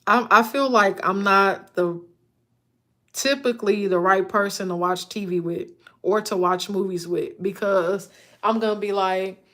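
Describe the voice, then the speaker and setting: Slow-talking woman livestreaming. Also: medium pitch. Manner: animated storytelling, acts out quoted voices, laughs often. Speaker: livestream host chatting with viewers. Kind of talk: casual live chat, reading viewer comments.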